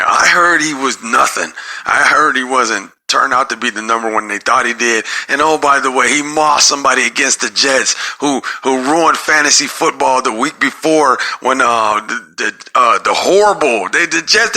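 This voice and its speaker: Man, sports podcast host, gravelly voice, bright forceful tone, rambling rant. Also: medium pitch, fairly quick. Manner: rambling, repeats himself, gets worked up.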